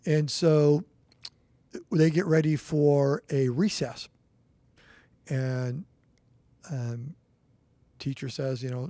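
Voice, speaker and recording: A man's voice: medium pitch, steady tone, measured pace, long pauses, warm tone, no room sound. A middle-aged man co-hosting a church podcast, telling a personal story in a rambling, earnest way with restarts. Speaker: podcast co-host. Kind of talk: casual storytelling chat.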